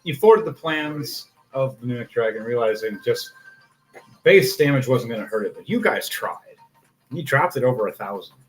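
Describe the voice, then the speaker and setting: A man narrating as game master of a tabletop game, excitable, swearing and laughing often. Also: mid-range voice, normal speed, faint music behind.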